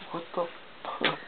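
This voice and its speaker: A man giving unboxing commentary as he opens card packs, talking in an excitable, stammering, apologetic way. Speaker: card pack opener. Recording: tinny lo-fi with loud hiss.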